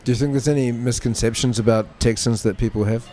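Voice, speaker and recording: A man hosting a casual podcast interview, asking curious questions and laughing quickly. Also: medium pitch, steady tone, warm tone, faint music behind.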